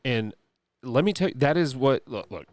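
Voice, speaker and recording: A man's voice: mid-range voice, animated, moderate pace, darkish tone, no echo. A man co-hosting a casual podcast, giving emphatic, opinionated rants with many fillers and restarts. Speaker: podcast co-host. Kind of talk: casual political chat.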